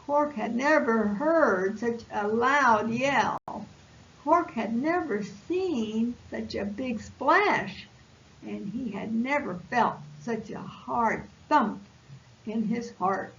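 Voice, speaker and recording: A woman volunteer reading a picture book aloud to preschoolers in a slow, expressive read-aloud voice. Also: fairly high pitch. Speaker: volunteer storyteller. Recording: lo-fi recording with faint hiss.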